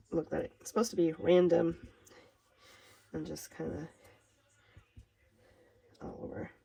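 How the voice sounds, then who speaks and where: Gravelly, chatty Minnesotan woman. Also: low voice, a little mellow, low-quality recording. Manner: chatty and rambling, laughs at herself. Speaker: craft demonstrator. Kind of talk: casual craft tutorial.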